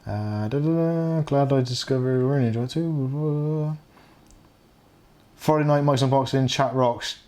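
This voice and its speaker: A man's voice: medium pitch, a little slow, darkish tone. A middle-aged man hosting a casual live tech chat stream, reading viewer comments aloud and laughing often.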